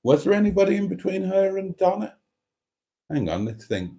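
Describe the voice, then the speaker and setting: A man's voice: high-pitched, sing-song, moderate pace, warm tone. A middle-aged man with a chatty, rambling manner and cheeky asides, hosting a livestream and reading out comments from chat. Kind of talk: casual chat.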